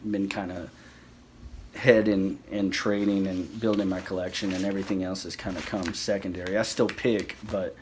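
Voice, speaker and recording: A man with a fairly low voice talks loosely to camera, circling back with restarts and "you know" fillers. He is friendly and down-to-earth, and a faint hum sits behind him. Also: a little mellow. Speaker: lock collector sharing tips. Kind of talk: casual to-camera monologue.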